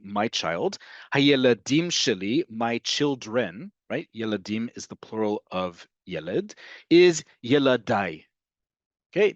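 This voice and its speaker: A man teaching an online language lesson, explaining slowly and repeating each example. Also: mid-range voice, no room sound, highs cut off. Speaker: Hebrew teacher.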